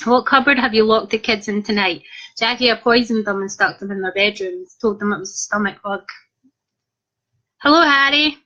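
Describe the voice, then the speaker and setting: A woman's voice: a little high, sharp tone. A woman with a Scottish accent, an author chatting casually on a live stream, reading out comments and making jokey asides. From Scotland. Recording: slightly muffled lo-fi live stream.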